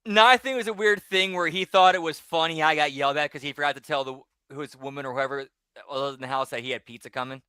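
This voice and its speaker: A man co-hosting a podcast, telling personal stories in a loose, rambling way that often trails off quietly. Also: a little high, fast, smooth, dry recording, clean studio sound. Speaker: podcast co-host. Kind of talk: casual storytelling chat.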